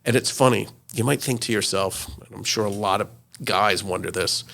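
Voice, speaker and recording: A man in his sixties, a retired news correspondent, telling lively anecdotes as an interview guest, with many fillers. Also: on the low side, moderate pace, creaky, slight background noise. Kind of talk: interview storytelling.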